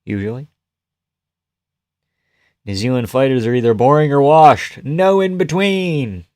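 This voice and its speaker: A man streaming live fight reactions, chatting casually and swearing as he answers chat, breaking into loud yells at the big moments. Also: medium pitch, measured pace, dry recording.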